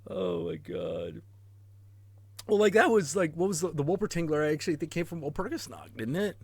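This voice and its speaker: Man, livestream host, crude and laughing, lively pitch, dry close mic. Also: brisk, gravelly, breathy edge, no room sound. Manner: crude, laughs a lot, swears. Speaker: streamer, show host. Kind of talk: rambling livestream chat.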